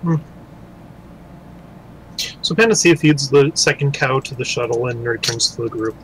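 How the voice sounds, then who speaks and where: A man playing in a tabletop game, speaking in a relaxed, matter-of-fact way. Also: medium pitch, normal speed, slight background noise, rough recording. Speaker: player. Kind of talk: casual in-character play.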